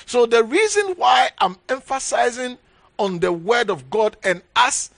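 A man's voice: extremely high pitch, lively intonation, unhurried, gravelly, a bit bright, dry recording. A man preaching a sermon as a bishop, emphatic and repetitive, calling out hallelujah between points. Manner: emphatic, repeats key phrases, frequent hallelujahs.

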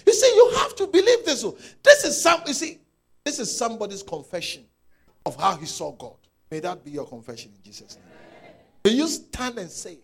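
A male pastor preaching with a strikingly high, gravelly voice that has a husky edge. He repeats lines for emphasis and swings from shouts to quiet murmurs. His pitch rises and falls in wide, animated arcs. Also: normal speed. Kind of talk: sermon.

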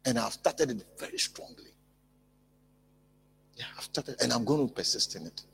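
A male pastor preaching a sermon in an emphatic, repetitive way, building up to loud peaks. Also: mid-range voice, lively intonation, normal speed, creaky, a little hiss or hum.

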